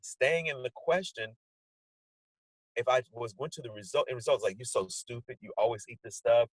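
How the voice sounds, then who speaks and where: A man tells stories with lively energy, acting out little conversations with himself. His voice has a husky grain, and the sound is dry and close, with no room around it. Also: mid-range voice, moderate pace, no echo, poor audio. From Portland area, USA. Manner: animated storyteller, acts out his own inner dialogue. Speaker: guest. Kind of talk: casual conversation over video call. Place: indoors at home, sunny day. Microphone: video call setup.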